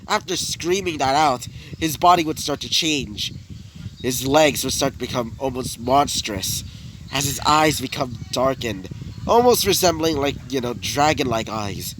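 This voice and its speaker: A man's voice: medium pitch, expressive, unhurried, a bit bright. A young man narrating an improvised fan story casually, rambling with heavy fillers and swearing. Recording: noisy home recording.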